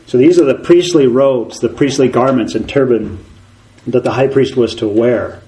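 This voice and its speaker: A man preaching a sermon in an animated way, asking rhetorical questions and acting out voices. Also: medium pitch, normal speed, rough recording.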